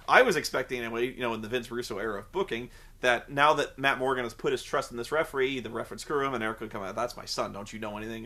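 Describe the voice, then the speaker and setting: A man reviewing a wrestling show in a casual, sarcastic rant. He swears freely and drifts off on tangents. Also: a little high. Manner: animated, profane, sarcastic, goes off on tangents. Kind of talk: casual ranting commentary.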